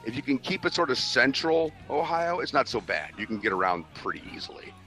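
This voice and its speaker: A man's voice: medium pitch, a little fast, faint music behind. A man in his forties telling a long story in a casual chat, swearing constantly and acting out what people said. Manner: animated, swears constantly, acts out quoted voices.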